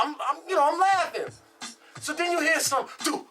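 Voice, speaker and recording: A woman casually telling a true story in an animated, profane way, laughing as she goes. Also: sits high, brisk, faint music behind.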